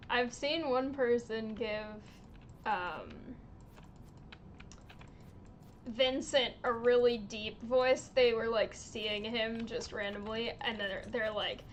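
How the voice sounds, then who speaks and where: A woman livestreaming a game, chatting casually in an unhurried way, with lots of little laughs and ums. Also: a little high, lo-fi sound, a little hiss or hum. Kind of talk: casual chat while streaming a game.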